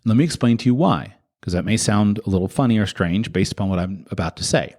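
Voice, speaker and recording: A man hosting a podcast, talking in an impassioned monologue full of repeated rhetorical questions. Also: fast talker. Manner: rhetorical, repeated questions with sharp pitch jumps. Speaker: podcast host.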